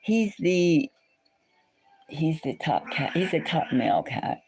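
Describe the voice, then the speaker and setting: A woman's voice: sits low, animated, slow, a little mellow, a little hiss or hum. A woman hosting a live stream, chatting casually with viewers in a rambling way and repeating phrases over and over.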